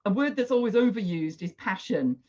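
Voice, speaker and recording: A woman's voice: medium pitch, animated, a little fast, mellow. A woman facilitating an online workshop on a video call, chatty and encouraging, with lots of "sort of" hedges. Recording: dull lo-fi video call audio.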